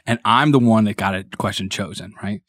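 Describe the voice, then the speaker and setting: A man from Indiana, a priest, telling a story in casual conversation in an animated, self-mocking way, laughing often. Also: lowish voice, brisk, no echo, studio quality. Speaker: priest, interview guest.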